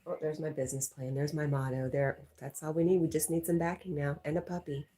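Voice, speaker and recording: A woman's voice: low voice, level tone, fast, dark tone. A woman hosting a livestream, chatting casually and teasing as she reads viewer comments aloud, laughing often. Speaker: livestream host.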